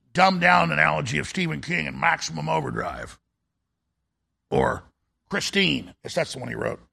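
A man's voice: fairly high pitch, vocal fry, bright, forceful tone. A male talk show host delivering a fiery, emphatic political monologue in a ranting manner.

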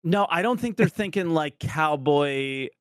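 A man's voice: on the high side, a little slow, no echo, studio quality. Rambling man from New Jersey. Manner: rambling, animated, self-deprecating. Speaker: streamer guest. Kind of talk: casual podcast chat.

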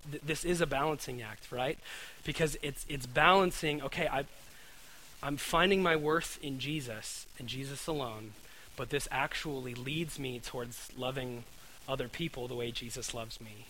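A man's voice: mid-range voice, fairly bright tone, a little hiss or hum, poor audio. A man preaching a conversational sermon, earnest, often repeating words and asking his listeners "right?".

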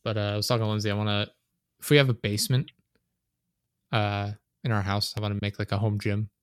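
A fast-talking young podcast host with a fairly low, level, clean-toned voice rambles through casual chat, peppering it with "like" and profanity. His desk microphone gives a dry recording with clean studio sound.

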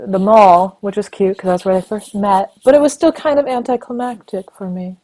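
A woman's voice: medium pitch, normal speed, mellow. A woman co-hosting a podcast, talking frankly and laughing as she reviews a movie. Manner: frank, blunt, laughs often. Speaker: podcast co-host. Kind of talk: casual movie review chat.

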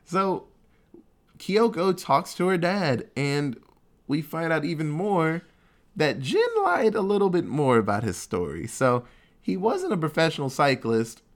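A man's voice: fairly high pitch, sing-song, a little slow. A man recapping a movie in casual chat, rambling and swearing freely. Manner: rambling, profane, storytelling.

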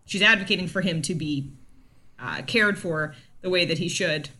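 A woman with a bright, clear voice co-hosts a casual podcast. She is chatty and playful and slips into quick impressions of characters. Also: fairly low pitch. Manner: chatty, jokey, acts out characters' lines. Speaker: podcast co-host. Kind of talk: casual chat about a TV series.

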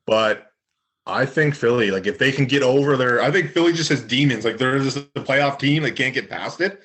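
A man from Canada chatting casually about sports, stating strong opinions plainly. He fills his sentences with "like" and keeps a mid-pitched, everyday voice. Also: normal speed, a bit bright. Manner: blunt opinions, frequent "like".

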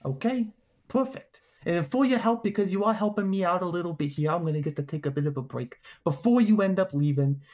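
A man's voice: sits high, fairly quick, darkish tone, lo-fi sound, voice pushed up, close to an everyday voice. A man doing a scheming alligator boss. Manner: sly, hammy villain bluster.

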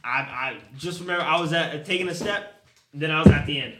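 A young man telling a story on a podcast in a halting, restarting way. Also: a little high, a loud crowd. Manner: hesitant, restarting. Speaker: podcast co-host. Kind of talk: casual chat. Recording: echoey room, background noise.

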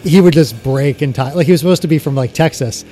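Mellow-voiced male podcast co-host. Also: a little high, quick pace, soft background music. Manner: easygoing, rambling, with many "like" and "uh" fillers. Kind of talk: casual chat.

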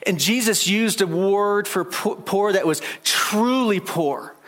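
A man preaching a sermon, animated, rising loud and high to make his points. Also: takes it slowly.

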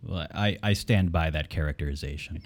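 A man's voice: a bass voice, a little fast. A man appearing as a guest on a political talk show, sardonic and exasperated in his commentary. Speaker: video editor guest. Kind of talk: casual political chat.

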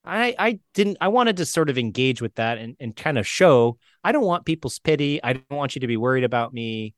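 Animated male veteran storyteller, dry sound. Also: mid-range voice, a little fast, hardly any pauses, dry recording. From Florida, United States. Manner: animated, acts out quotes with shifts in voice. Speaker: interview guest, injured veteran. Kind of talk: casual storytelling interview.

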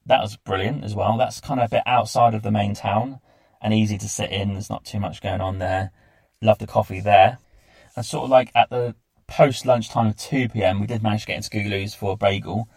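A man narrates a casual travel diary for his podcast, enthusiastic and chatty, recounting the trip in lists. He speaks fairly quickly in a low, steady, creaky and slightly mellow voice, with no room sound.

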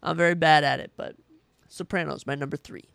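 A man's voice: on the high side, fairly even intonation, a little fast, gravelly, a bit bright, clear, resonant tone, dry recording. A young man hosting a solo podcast, chatting casually with an enthusiastic, rambling manner that often stops to correct himself. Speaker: podcast host.

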